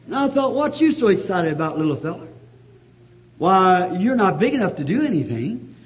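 Male preacher, high-pitched and excitable, muffled vintage recording. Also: moderate pace. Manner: excitable, swings from hushed storytelling to shouting praise. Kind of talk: fervent revival sermon with storytelling. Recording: dull lo-fi archival tape.

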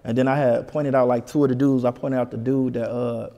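A man from Michigan, a comedian guest, telling a story in an animated, casual way in an interview. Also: medium pitch, a little fast, in a large hall, muffled recording. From Detroit, Michigan. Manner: animated, keeps saying "you know what I'm saying".

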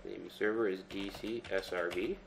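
A man with a very low voice walks through a screen-recorded tech tutorial at an easy pace, explaining each step as he goes with plenty of ums and uhs. Faint noise and keyboard typing sit behind him. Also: moderate pace, vocal fry. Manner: relaxed step-by-step explaining with fillers. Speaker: tutorial presenter.

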